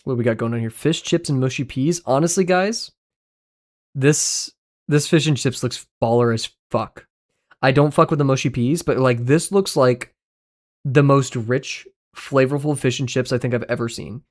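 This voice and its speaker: A man's voice: medium pitch, moderate pace. A man streaming live, rambling through casual commentary, swearing freely, joking and laughing often.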